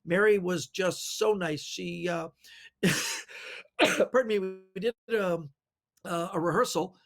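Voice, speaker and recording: A man, a guest magician, telling animated anecdotes in a casual interview over a video call. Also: high-pitched, takes it slowly, gravelly. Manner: animated anecdotes with quoted voices. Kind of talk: casual storytelling.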